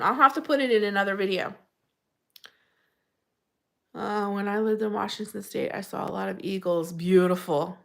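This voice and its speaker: A woman's voice: mid-range voice, steady tone, moderate pace, vocal fry, long pauses. Woman hosting a casual live chat; friendly and talkative, laughs a lot, reads out viewer names. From Pennsylvania. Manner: chatty, greets viewers by name, laughs often. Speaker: livestream host reading chat.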